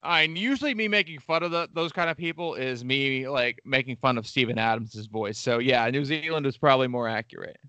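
A man's voice: medium pitch, a little fast, few pauses, bright, forceful tone, no room sound. A man co-hosting a casual history podcast, telling the story with irreverent jokes and profanity. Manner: irreverent, joking asides with profanity. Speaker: podcast co-host.

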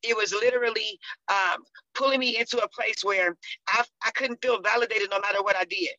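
A woman's voice: mid-range voice, steady tone, fairly quick, pushed and bright, no echo. A woman, a contributing author, sharing her personal story in an earnest, conversational way. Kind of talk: personal testimony. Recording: dull, dry sound.

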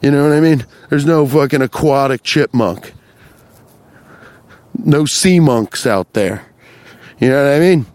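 A man's voice: medium pitch, a little slow, long pauses, darkish tone, no echo. A young adult man hosting a comedy podcast, talking in a profane, rambling, self-interrupting way.

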